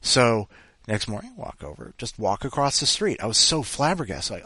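A man hosting a show, telling a rambling personal anecdote in a profane, ranting way, often mimicking other people in high, mocking voices. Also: big pitch swings, moderate pace, sharp tone, slightly rough, no room sound, studio quality. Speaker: podcast host.

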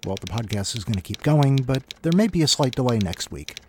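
A man hosting a podcast, chatting casually in a mellow, dark-toned voice. He rambles in an offhand way, with faint keyboard clicks behind him. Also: mid-range voice, expressive, fairly quick, a little hiss or hum. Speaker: podcast host. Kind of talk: casual chat.

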